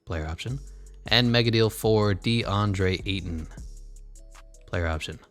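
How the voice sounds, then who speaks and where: Dude narrating his sports game, kinda low voice, sarcastic, swears a lot. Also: slow pace, soft background music. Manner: sarcastic, swearing, muttering asides. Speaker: gaming channel host. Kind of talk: casual video game commentary.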